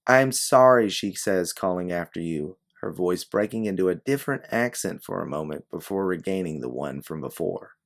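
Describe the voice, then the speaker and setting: Deep gravelly male storyteller. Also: moderate pace, few pauses, darkish tone. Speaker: audiobook narrator. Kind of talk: scripted second-person narration.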